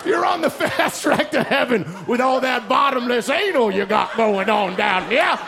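A man's voice: very high voice, expressive, normal speed, creaky, voice pushed up, heavily acted. A man doing a sleazy, creepy God. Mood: leering. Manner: drawling, shouted encouragement. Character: sleazy, creepy male God egging people on. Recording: live club, loud crowd and noise.

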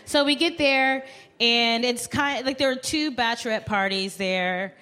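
A woman's voice: fairly high pitch, unhurried, bright, forceful tone. A woman in her thirties hosting a comedy show, telling a story in chatty banter full of "like". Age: 30s. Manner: chatty, heavy use of "like".

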